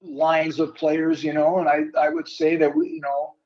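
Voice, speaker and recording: An older man, a former hockey player, answering interview questions in a measured way, searching for his words. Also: fairly high pitch, flat delivery, muffled recording. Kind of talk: reflective interview.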